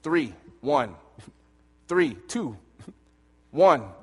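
A man voicing a harsh male Marine drill instructor who gives low, cold, mocking commands, heard with long hall reverb. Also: lively intonation, very slow, darkish tone, breathy edge, full character voice. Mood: commanding.

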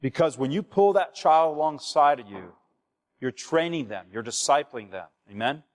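A man's voice: a little high, lively intonation, moderate pace. Preaching man in a reverberant hall. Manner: exhorting, asks the congregation for replies. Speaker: pastor. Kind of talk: sermon. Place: church hall. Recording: long reverb of a church hall.

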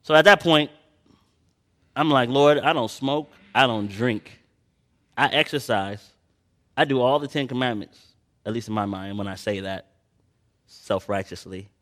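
Bright-voiced impassioned male preacher. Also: mid-range voice, a little slow, pauses often. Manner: swings from quiet storytelling to loud impassioned preaching; reads scripture in old-fashioned phrasing. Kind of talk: sermon.

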